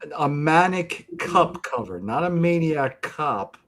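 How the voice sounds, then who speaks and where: A man chimes in during a relaxed panel chat with dry, jokey quips. His voice sits a little high. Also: slow pace, crowd noise. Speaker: panel guest.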